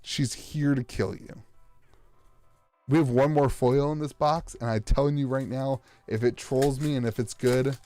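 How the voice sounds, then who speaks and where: A man's voice: medium pitch, fairly even intonation, unhurried, dark tone, faint music behind. An American man streaming live as he opens card packs, rambling with sarcastic, self-mocking banter.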